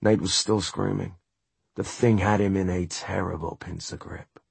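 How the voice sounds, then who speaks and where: A man narrating a novel as an audiobook in a steady, measured reading. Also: deep voice, creaky, slightly rough, no room sound. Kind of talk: scripted narration.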